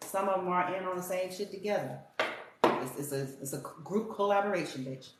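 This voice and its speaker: A woman's voice: fairly low pitch, brisk. A woman giving a casual tarot reading in a blunt, profane, rambling rant. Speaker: tarot reader. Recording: very echoey room with faint hiss.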